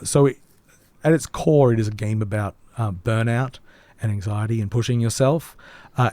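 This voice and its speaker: A hoarse man, co-hosting a podcast and reviewing a game in casual, rambling chat with many ums. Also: mid-range voice, a little mellow, no room sound. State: hoarse, voice nearly gone. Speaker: podcast co-host.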